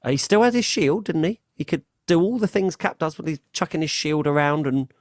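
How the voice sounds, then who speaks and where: Male guest, casual chat, a bit high, hesitant musing, dry close sound. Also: lively intonation, a little fast, dry recording. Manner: hesitant, thinking aloud. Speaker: podcast guest.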